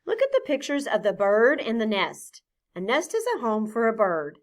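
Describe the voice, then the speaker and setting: A woman teaching a phonics lesson to young children, patient and clear, sounding out each letter sound deliberately. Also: a little high, wildly swooping pitch.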